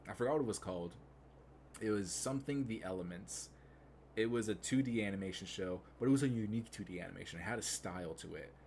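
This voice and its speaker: A young man streaming live, chatting casually and rambling with lots of fillers, getting excited as he goes. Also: on the low side, fast, slight background noise.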